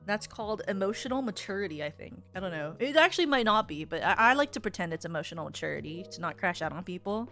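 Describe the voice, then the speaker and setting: A woman's voice: medium pitch, animated, fast talker, few pauses, bright, forceful tone, faint music behind. A woman streamer chatting casually to her viewers in a rambling way, with many filler words.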